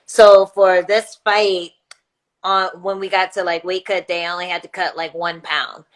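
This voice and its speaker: A woman's voice: fairly low pitch, little pitch movement, moderate pace. A woman guest telling a casual story, laughing often and filling with "like.". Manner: laughs often, filler-heavy "like". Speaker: guest fighter.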